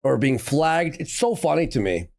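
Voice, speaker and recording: A man's voice: on the high side, big pitch swings, normal speed, gravelly, darkish tone. A man co-hosting a live reaction show, sarcastic and often laughing. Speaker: co-host. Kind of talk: reaction commentary.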